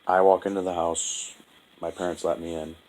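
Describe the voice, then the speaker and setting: A young man telling a painful personal story in a halting, profane, heavy-hearted monologue. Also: low voice, little pitch movement, a little mellow, rough recording. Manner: halting, profane, full of restarts and fillers. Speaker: vlogger.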